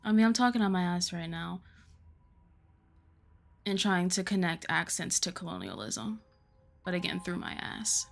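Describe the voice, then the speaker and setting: A woman's voice: lowish voice, expressive, normal speed, creaky, pauses often, soft background music. Chatty young woman streamer. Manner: rambling, chatty, swears freely. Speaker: streamer playing a game. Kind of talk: casual let's-play commentary.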